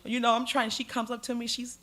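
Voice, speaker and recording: A middle-aged woman telling a story on stage, dramatic and animated, acting out the voices in it. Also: a little high, fairly quick. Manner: animated, dramatic, acts out every voice. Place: stage in a museum hall.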